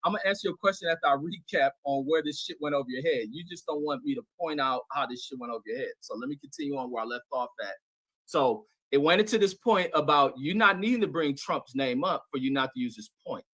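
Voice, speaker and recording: A man hosting his own live stream argues loudly and taunts his opponent. His voice is bright and a little high. The sound is dry and close to the microphone. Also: animated, fast talker, no room sound. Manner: taunting, talks over the other man. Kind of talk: heated online argument.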